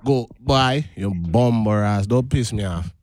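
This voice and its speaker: A man's voice: fairly low pitch, unhurried, darkish tone. A man with a Caribbean accent co-hosting a radio show, playful and mock-indignant. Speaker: radio co-host. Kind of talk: casual on-air banter.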